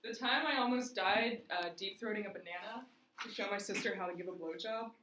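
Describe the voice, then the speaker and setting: A young woman telling stories in a casual chat, animated and often laughing. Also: medium pitch, fairly quick, slight background noise. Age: young adult. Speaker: guest. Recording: echoey room from a distance.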